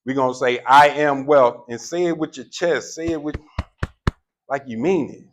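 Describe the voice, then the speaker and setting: A man mentoring a live group indoors, speaking in a preachy, animated call-and-response style. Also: mid-range voice, moderate pace, noisy background. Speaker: mentor leading a group session. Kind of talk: motivational talk to a live group.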